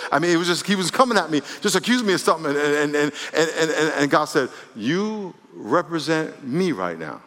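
A man, a pastor, preaching a sermon in an animated way, acting out quotes and laughing between points. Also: a little high, normal speed, big-room sound. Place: church sanctuary.

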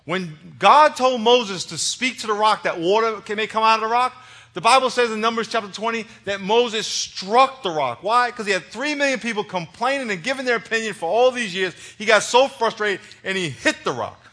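A man preaching a sermon as pastor, impassioned and plain-spoken, moving between hushed and loud emphatic delivery. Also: high-pitched, normal speed. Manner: conversational, plain-spoken, with humor.

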